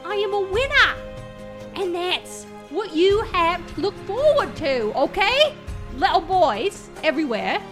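A woman playing a loud, bossy chimney-sweep motivational speaker with a put-on Cockney accent, in an improv comedy bit. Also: very high voice, sing-song, measured pace, over music, heavily acted. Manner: shouty, bossy, mock-inspirational.

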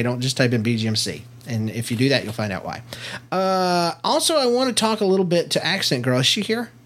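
Co-hosting a laid-back family podcast alongside his daughter, this middle-aged man speaks at medium pitch. He's playful and talkative, laughs a lot, and fills pauses with ums and false starts.

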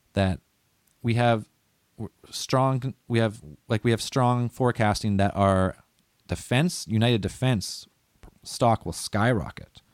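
A man with a low voice rambles through a casual podcast chat, swearing freely and losing track of his notes. He sounds close and dry, with no room around him. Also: a little mellow, dry recording. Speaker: podcast host.

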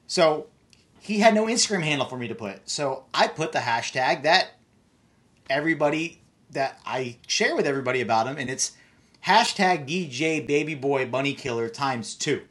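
Bright-voiced middle-aged male host. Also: mid-range voice, animated. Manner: teasing, quick to joke with the guest. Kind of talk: casual chat.

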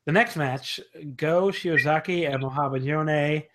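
A man's voice: a little high, unhurried, pushed and bright, rough recording. A man co-hosting a casual wrestling podcast, rambling with many fillers and self-corrections. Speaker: podcast co-host.

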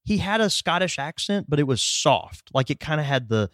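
Chatty man with a lively, rambling voice. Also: a little high, normal speed, no room sound, clean studio sound. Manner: rambling, explanatory, many fillers. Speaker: podcast host. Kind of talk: casual podcast chat.

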